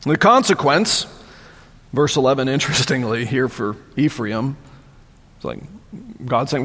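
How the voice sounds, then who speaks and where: A man preaching a sermon, animated, voicing the mockers in rising tones. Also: mid-range voice, fairly quick, slightly rough. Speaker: pastor. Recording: long hall reverb.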